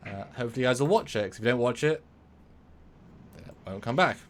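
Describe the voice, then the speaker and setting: A man co-hosting a live stream over a video call, relaxed and easygoing, thanking donors. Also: mid-range voice, fast talker. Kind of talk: casual live-stream chat.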